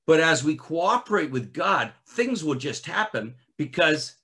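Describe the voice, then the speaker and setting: Emphatic preacher, man with a higher voice. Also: sing-song, measured pace. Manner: swings from loud emphatic bursts to low quiet reading of scripture; restarts and filler uh often. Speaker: ministry director preaching. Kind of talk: sermon.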